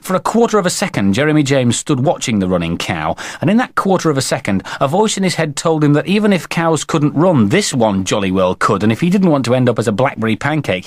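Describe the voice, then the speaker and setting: A man narrating a children's storybook in a playful, expressive way. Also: mid-range voice, no echo, clean studio sound. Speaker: audiobook narrator.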